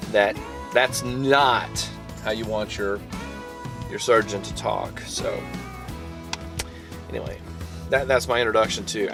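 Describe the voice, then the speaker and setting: A man's voice: medium pitch, bright, forceful tone. A man with a Southern US accent, rambling through a casual vlog story and a phone call, often restarting and repeating words. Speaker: vlogger.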